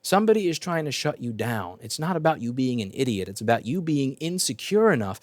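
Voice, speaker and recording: A man's voice: medium pitch, big pitch swings, a little fast, no room sound. A man who owns a repair shop and hosts the channel, speaking in a casual opinion rant. He is blunt and profane and repeats himself as he talks.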